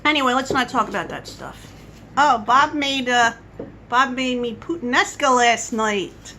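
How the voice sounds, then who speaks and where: A woman's voice: fairly high pitch, lively intonation, a little slow, pushed and bright, slight background noise, rough recording. A woman vlogger talking at home in a casual coffee-chat monologue, rambling and wandering off on tangents. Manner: rambling, chatty, goes off on tangents.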